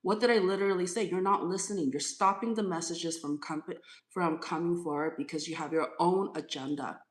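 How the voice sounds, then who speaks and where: A woman with a lowish voice scolds a commenter during a live tarot reading. She is firm and lecturing and keeps repeating herself. The room echoes around her. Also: fairly even intonation, fairly quick. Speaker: tarot reader on a live stream.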